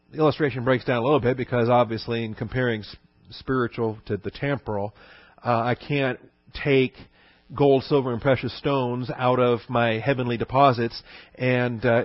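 A man's voice: mid-range voice, no room sound, muffled recording. Man teaching a sermon. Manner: conversational, many fillers and restarts, rhetorical questions. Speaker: pastor.

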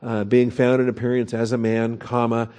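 Male pastor, mellow mid-range voice, verse-by-verse teaching with frequent "okay?" check-ins. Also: mid-range voice, level tone, moderate pace. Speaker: pastor teaching a Bible study. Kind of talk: expository sermon.

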